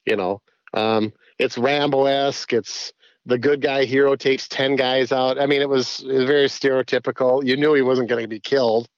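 A man's voice: medium pitch, moderate pace, no echo. Man, podcast guest, chatty rambler, dry slightly lo-fi sound. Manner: rambling, animated, many restarts. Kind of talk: casual podcast chat.

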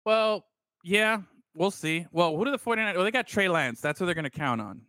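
A man with a bright, ringing voice, sitting a little above the usual pitch, talks football in a loose, rambling way, swearing and tossing out "bro". The sound is dry and close, with almost no room in it. It feels like an unscripted chat between friends. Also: expressive, a little fast, no echo. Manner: rambling, swears freely, calls people bro. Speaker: podcast co-host. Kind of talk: casual sports chat.

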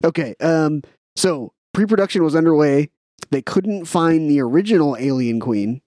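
A man co-hosting a casual film podcast, chatting and reading trivia aloud in a relaxed way. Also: a little high, normal speed, no room sound, studio quality. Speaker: podcast co-host.

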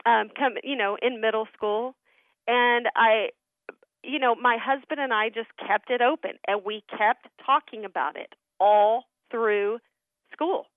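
A middle-aged woman tells family stories as a guest on a radio interview, earnest and animated, her voice sitting a little high. She comes through a tinny phone line with a dry, close sound. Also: unhurried, no echo. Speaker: guest, ministry founder.

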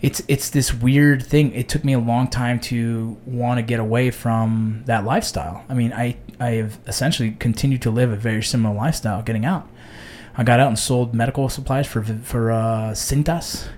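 A man's voice: medium pitch, fairly quick, a little hiss or hum. A man in his thirties, an army veteran hosting a casual chat, blunt and profane, telling stories with animation. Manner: blunt, swears a lot, animated storytelling. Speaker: podcast host, army veteran.

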